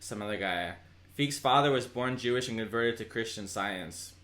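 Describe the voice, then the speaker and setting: A man's voice: lowish voice, moderate pace, a bit bright. A young man hosting a casual comedy podcast, teasing and joking with his guest.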